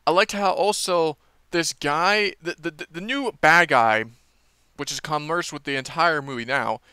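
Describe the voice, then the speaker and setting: Bright, crisp man rambling about a trailer. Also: a little high, a little slow, dry recording, clean studio sound. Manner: rambling, many fillers and restarts. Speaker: movie trailer reviewer. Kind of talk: casual rambling review.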